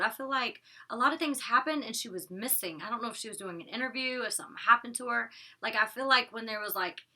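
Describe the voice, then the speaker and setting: Woman, reality TV reviewer, casual recap, blunt and profane, very bright tone. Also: medium pitch. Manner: blunt, opinionated, swears freely.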